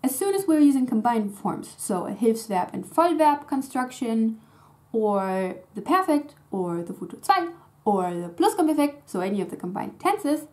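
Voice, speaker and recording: A woman's voice: fairly high pitch, a little mellow. A young woman, a native German speaker, giving a casual, chatty lesson that explains grammar in English and stresses her example words. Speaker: German language teacher.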